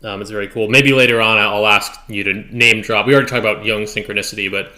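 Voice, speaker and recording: Man, podcast host, casual interview, meandering think-aloud talk, lowish pitch, bright tone. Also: steady tone, fast.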